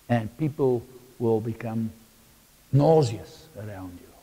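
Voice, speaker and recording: A man preaching a sermon, emphatic and halting, with long pauses between phrases. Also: on the low side, a little mellow, breathy edge. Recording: long hall reverb.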